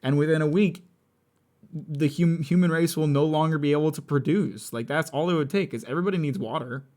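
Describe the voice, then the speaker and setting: A man's voice: a little high, a little fast, a little mellow. Sardonic, profane young male streamer. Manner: rambling, profane, blunt and sardonic. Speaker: live streamer. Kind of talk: casual live-stream chat while building a model kit.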